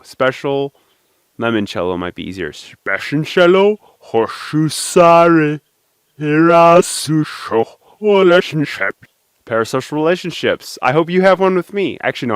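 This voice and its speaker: Man, young adult, playful, chatty, dry close recording, even middle pitch. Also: quick pace, no room sound. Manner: playful, chatty, thanks supporters by name. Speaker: video host. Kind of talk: casual talk to camera.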